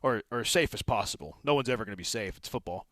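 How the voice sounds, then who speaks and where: A man's voice: mid-range voice, expressive, fast talker, a bit bright, dry recording. A man hosting a sports talk radio show, opinionated and rambling, with frequent restarts.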